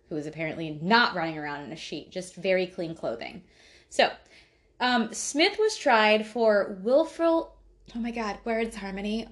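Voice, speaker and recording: A woman's voice: mid-range voice, a bit bright. A woman hosting a casual podcast chat, who swears freely, laughs often, and keeps stopping to correct herself. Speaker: podcast host.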